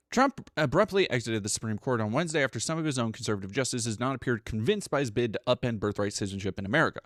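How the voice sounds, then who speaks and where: A male streamer with a mid-range voice talks close to a dry, dead mic, going back and forth between reading news aloud and cursing sarcastically at it. His asides are loose and profane, and he pauses to thank viewers. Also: medium pitch, expressive, a bit bright, dry recording.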